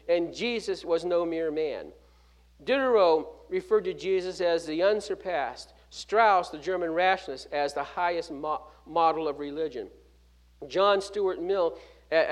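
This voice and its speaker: A man preaching a sermon, stressing key words and dropping from loud to hushed, with restarts and 'uh' fillers. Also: a little high. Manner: emphatic preaching with sharp swings from loud to hushed; fills gaps with 'uh' and restarts words mid-phrase. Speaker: pastor.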